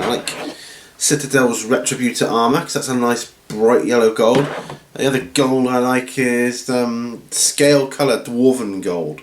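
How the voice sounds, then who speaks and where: A man hosting a hobby channel from home, chatting casually through viewer questions in a rambling, relaxed way with lots of ums and restarts. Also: mid-range voice, slight background noise. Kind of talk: casual Q&A chat. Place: at home, seated with feet up. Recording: roomy room echo.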